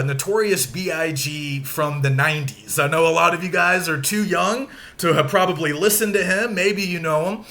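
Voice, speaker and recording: A man teaching a recorded lecture, explaining slowly and stressing syllables aloud to show the rhythm. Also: a little high, sharp tone.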